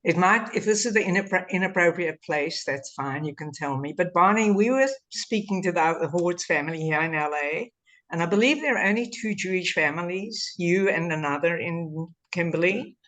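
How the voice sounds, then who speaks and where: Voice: medium pitch, normal speed, fairly bright tone, poor audio. A meeting guest on a video call asking a polite, slightly apologetic question.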